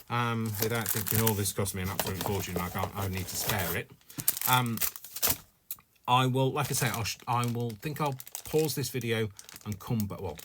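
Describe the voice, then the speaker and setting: A craft vlogger with a fairly low voice talks to the camera in a casual haul video, with background noise audible. He's chatty and rambling, says "um" a lot, and cracks self-mocking jokes.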